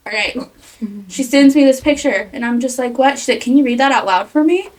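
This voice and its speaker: A woman on a casual podcast, telling an animated story and acting out the people she quotes. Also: sits high, brisk. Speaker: podcast guest.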